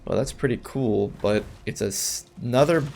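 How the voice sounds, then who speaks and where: A man's voice: medium pitch, normal speed, creaky, a little mellow. A man giving casual, rambling commentary while playing a video game, with chatty asides and frequent restarts. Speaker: let's play gamer.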